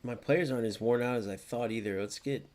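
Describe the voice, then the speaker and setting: A young man streaming a football video game, reacting loudly to plays, swearing often and answering viewers in chat. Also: mid-range voice, a little fast. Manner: chats with live viewers by name. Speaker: gaming streamer. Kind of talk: live gameplay commentary.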